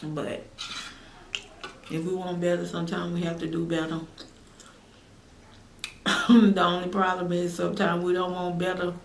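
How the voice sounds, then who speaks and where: Lady eating on camera, talks slow and homey, echoey room with a little hiss. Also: fairly low pitch, completely flat delivery, creaky. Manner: slow, chatty, folksy, calls viewers neighbor and y'all. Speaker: mukbang host. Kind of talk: casual chat to camera while eating. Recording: echoey room, faint noise.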